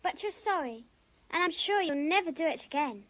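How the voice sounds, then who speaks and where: A woman's voice: very high-pitched, lively intonation, moderate pace, fairly bright tone, no room sound. A woman voicing a kind, well-mannered young girl in an amateur radio play. She speaks earnestly and pleads. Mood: earnest, pleading.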